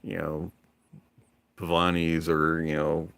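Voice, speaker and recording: A man hosting a livestream in a relaxed, rambling manner, pausing often on fillers. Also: very deep voice, creaky, smooth, dry recording. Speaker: livestream host. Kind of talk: casual livestream chat.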